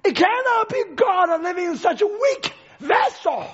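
A male preacher voicing a scheming, gloating devil who shouts in disbelief, on a dull lo-fi recording. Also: extremely high pitch, big pitch swings, a little slow, heavily acted. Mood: incredulous.

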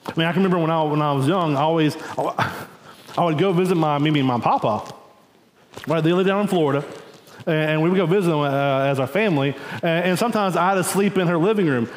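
In a reverberant church sanctuary, a fairly high-voiced man delivers a relaxed, storytelling sermon, often checking in with the congregation using "right?" and "y'all." A long echo tail hangs after each phrase, with slight background noise underneath.

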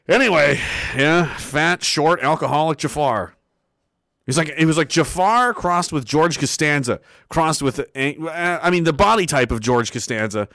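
Lively, laughing young male streamer. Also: medium pitch, clean tone, no echo, studio quality. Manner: rambling, profane, laughs often, acts out quotes. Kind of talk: casual storytelling on a live stream.

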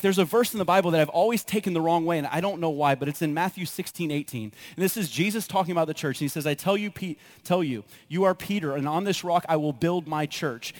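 Animated storytelling pastor, fairly high voice. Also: male voice. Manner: animated storytelling, acts out his own reactions. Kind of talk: sermon with personal stories.

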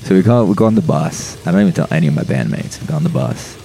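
A man's voice: low-pitched, big pitch swings, rapid-fire, vocal fry, dark tone, a little hiss or hum. A young man, a guest on a podcast, telling a rambling, profane story with many fillers. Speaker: podcast guest, metal musician. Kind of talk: casual storytelling.

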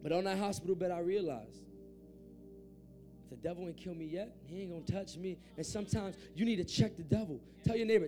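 A man preaching and telling his testimony as a story, dropping to a hush and then rising loud and animated. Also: high-pitched, a little fast, soft background music. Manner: swings from hushed to loud and animated. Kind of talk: sermon storytelling.

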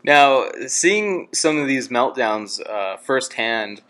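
A young man asks interview questions for a student club, hesitant and filling his pauses with "uh". His voice has a mid pitch, and his delivery stays unhurried. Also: expressive, fairly bright tone. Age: young adult. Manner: hesitant, with many fillers.

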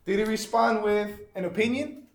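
A man's voice: high voice, normal speed. A man teaching an interactive Bible lesson, asking the class questions and repeating their answers.

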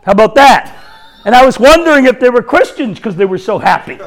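Middle-aged male evangelist, very high pitch with a gravelly edge, bold and jokey, acts out the conversations in his stories. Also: very animated, a little fast. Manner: bold, humorous, laughing asides, acts out dialogue. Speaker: evangelist preacher. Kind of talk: charismatic sermon with storytelling.

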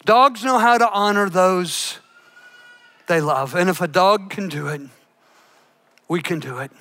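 An older man preaching to a church, his voice high and bright. He delivers the sermon with big swings, booming out some lines and dropping almost to a hush on others. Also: unhurried. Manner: emphatic preacher with big swings between loud and hushed. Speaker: pastor.

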